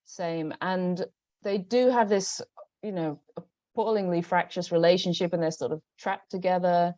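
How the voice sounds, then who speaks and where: Hesitant Northern English woman, dark voice. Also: fairly low pitch, steady tone, normal speed, no echo. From Northern England. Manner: hesitant, many restarts and ums. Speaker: novelist guest. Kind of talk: conversational book talk. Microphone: video call. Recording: dull lo-fi video call audio.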